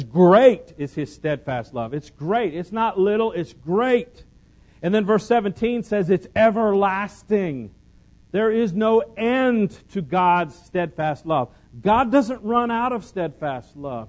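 A man preaching a sermon, moving between loud emphatic declarations and soft conversational teaching. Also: high voice, unhurried. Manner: shifts from loud scripture and sung lines to soft conversational teaching; lively, emphatic preaching with repetition and humor. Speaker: pastor.

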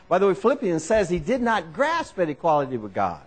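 A male preacher with a high, lively voice that leaps up and down in pitch. He preaches to a congregation in a church, repeating his points and calling out listeners by name. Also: brisk, breathy edge. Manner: animated, repetitive, calls out listeners by name. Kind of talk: sermon.

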